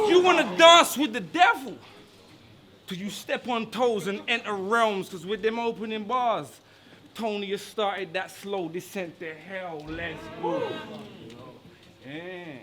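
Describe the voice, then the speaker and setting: A man performing taunting rap verses at a live battle, shouting his punchlines at an opponent. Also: high voice. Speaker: battle rapper.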